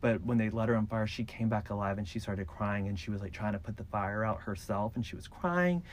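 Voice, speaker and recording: A podcast host with a lowish voice retells a true-crime case at a brisk clip, with slight background noise. His delivery is loose and casual, heavy with fillers like "like" and "so."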